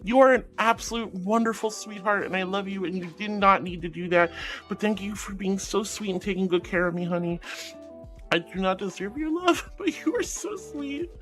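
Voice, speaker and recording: A woman's voice: mid-range voice, brisk, soft background music. A woman streamer chatting casually and affectionately with her viewers, calling them sweetie and honey, often giggling. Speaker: VTuber streamer. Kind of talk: casual livestream chat.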